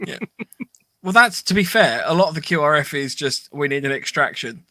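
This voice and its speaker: A man's voice: on the high side, lively intonation, a little fast, pushed and bright, no echo. A man co-hosting a podcast, chatting casually and reading listener comments aloud, laughing easily. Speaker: podcast co-host.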